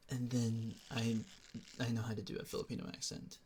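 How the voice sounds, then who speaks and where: A man's voice: mid-range voice, flat delivery, fairly quick, a little mellow, slight background noise. Chatty male streamer greeting viewers. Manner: chatty, greets viewers by name, many filler "like"s. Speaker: streamer and ASMR VTuber. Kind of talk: casual live-stream chat.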